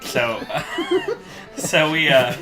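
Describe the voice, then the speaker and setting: A man's voice: very slow, over loud music. A man co-hosting a band podcast, telling road-trip stories in casual chat and breaking into playful sung impressions. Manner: animated storyteller, mimics singing in falsetto. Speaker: podcast co-host, band member.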